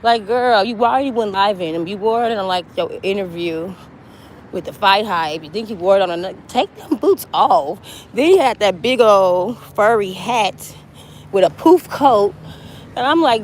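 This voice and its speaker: A woman's voice: mid-range voice, expressive, normal speed, a little hiss or hum. Blunt, mocking woman gossip commentator. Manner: blunt, mocking, swears freely.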